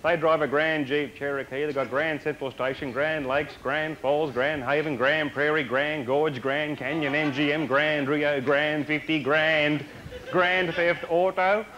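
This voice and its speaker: A man with an Australian accent doing a brash stand-up routine, rattling off lists and shouting punchlines. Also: a little high, steady tone, a little slow, highs cut off. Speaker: stand-up comedian.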